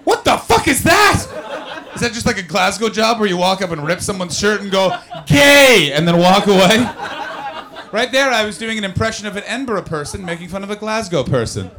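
A man with a high voice and quick pace does crowd work on a comedy club stage, brash and profane as he teases audience members. He is not from the UK.

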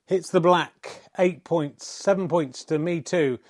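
Middle-aged man, slightly high voice, wry deadpan snooker-style commentator. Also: takes it slowly, hardly any pauses. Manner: wry, self-mocking, swears in mock exasperation. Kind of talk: mock sports commentary.

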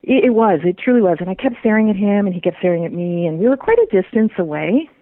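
A woman telling a personal story as a guest, animated and laughing often. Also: medium pitch, fast, no echo. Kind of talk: casual storytelling. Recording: tinny dry phone line.

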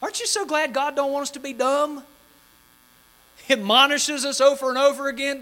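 A man preaching a sermon to his congregation, pleading fervently and swinging between loud cries and hushed, low passages in a folksy style. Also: fairly quick, pauses often. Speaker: pastor. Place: church sanctuary before a congregation.

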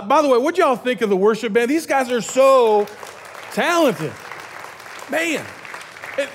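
A high-voiced, lively pastor preaching. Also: male voice. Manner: energetic and joking, with many restarts. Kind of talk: casual, humorous sermon. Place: church stage.

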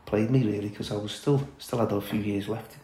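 A middle-aged former footballer telling blunt, candid stories as a podcast guest, chatty with many fillers. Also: male voice, on the low side, steady tone, fairly quick, warm tone, roomy sound, poor audio. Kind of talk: casual storytelling chat.

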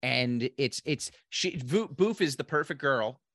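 Easygoing man, mid-pitched voice. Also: animated, a bit bright, no room sound, studio quality. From Pennsylvania, USA. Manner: easygoing, agreeable, halting restarts. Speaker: podcast co-host, comedian. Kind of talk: casual chat.

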